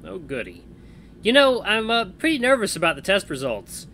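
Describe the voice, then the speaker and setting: A man's voice: high voice, wildly swooping pitch, normal speed, bright, forceful tone, slight background noise, pitched above the performer's own voice, exaggerated voice. A man voicing a nervous young male hero who speaks hesitantly and stammers.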